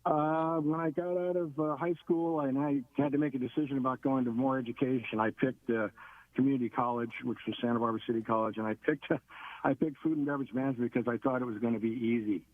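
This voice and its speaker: An older man, a guest in a radio interview, telling his story in a plain, steady way. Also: mid-range voice, quick pace, narrow, tinny audio.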